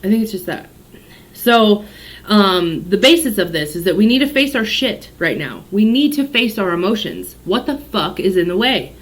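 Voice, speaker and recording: A woman psychic chatting through a daily tarot and astrology reading. She rambles from thought to thought and drops swear words freely. Her voice sits at an ordinary middle pitch. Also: sing-song, moderate pace. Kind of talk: casual livestream reading.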